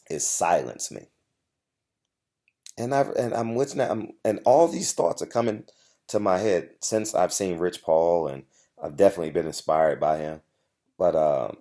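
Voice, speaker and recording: A man's voice: low-pitched, creaky, mellow. A man hosting his own channel, telling a story straight to the camera in an emphatic, confrontational way, repeating his points and addressing his viewers directly. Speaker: boxing journalist and channel host.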